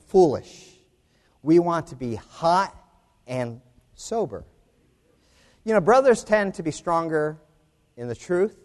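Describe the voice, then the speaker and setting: Animated male preacher in a hall. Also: on the high side. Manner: animated, rising to emphatic peaks, with rhetorical "right?". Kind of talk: sermon.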